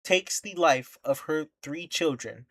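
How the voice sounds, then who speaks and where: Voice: mid-range voice, slow pace. Brief: streamer, mid-register voice, angry reaction rant with repeated emphatic lines. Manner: indignant, impassioned ranting; rhetorical questions, repeats for emphasis.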